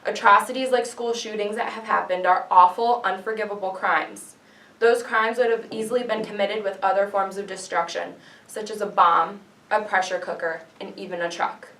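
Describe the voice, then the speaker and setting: A woman's voice: medium pitch, steady tone, normal speed, a bit bright. A young woman delivers a persuasive class speech in an earnest, declamatory way, asking rhetorical questions. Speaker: student giving a class speech. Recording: echoey classroom from far off.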